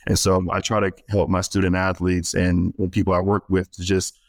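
A man with a very low, deep voice tells stories earnestly on a podcast, with some ums and restarts along the way. The recording is dry and close, with no room sound. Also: completely flat delivery, normal speed, a little mellow, dry recording. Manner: earnest storyteller, many fillers and restarts. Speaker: guest speaker and author working with student athletes. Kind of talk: conversational podcast interview.

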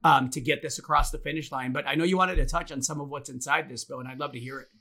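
A man's voice: medium pitch, fairly even intonation, fast, bright, forceful tone. A man hosting a casual podcast, sarcastic and speaking straight to his listeners. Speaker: podcast host.

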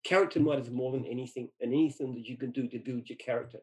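A man's voice: medium pitch, fairly even intonation, very fast, low-quality recording. A middle-aged man from Australia answers interview questions with anecdotes. He speaks emphatically and repeats words when he restarts a sentence. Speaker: franchise founder.

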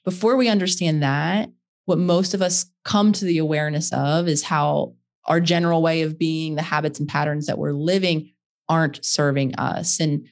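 A woman hosting a podcast, asking long, measured, thoughtful questions. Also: deep voice, steady tone. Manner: measured, thoughtful, searching phrasing. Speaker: podcast host. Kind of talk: interview conversation.

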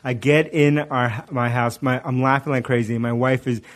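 Animated middle-aged man telling a story. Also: mid-range voice, moderate pace. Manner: animated, laughs often, frequent fillers and restarts. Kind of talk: casual storytelling chat.

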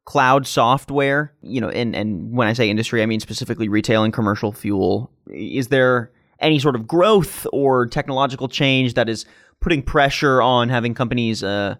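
A man's voice: medium pitch, moderate pace, a bit bright, dry recording, studio quality. A man hosting an interview, asking long, wordy questions full of fillers. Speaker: interviewer, host.

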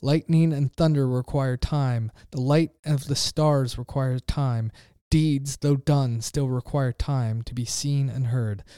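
A man's voice: mid-range voice, fairly even intonation, slow pace, dark tone, clear, resonant tone, no echo, clean studio sound, close to an everyday voice. A man voicing a frantic grown man who cries out urgent questions to a crowd, read in a declaiming way. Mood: solemn.

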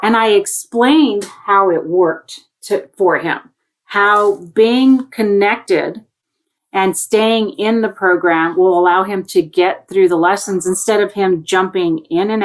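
Animated woman telling a story. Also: lowish voice. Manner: animated, acts out quoted voices. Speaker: education guest on a panel. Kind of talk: conversational storytelling.

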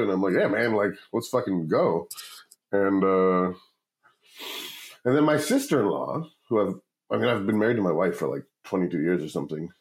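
A man's voice: deep voice, fairly quick, rough recording. A man in his forties, a company founder, telling a long story in a casual interview, swearing often and acting out what others said. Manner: profane, rambling, animated quoting of others. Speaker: guest, startup founder.

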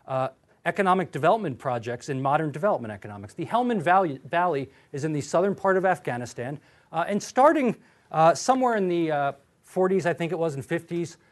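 A man lecturing in an animated, sarcastic way, often acting out what others said. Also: a little high, fast talker. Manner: animated, sarcastic, acts out quotes.

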